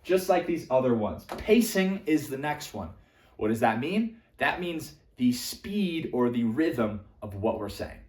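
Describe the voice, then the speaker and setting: A man's voice: unhurried, reverberant. A young man coaching social skills, teaching to camera and acting out voice examples. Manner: lively, demonstrates voices with big jumps in pitch and volume.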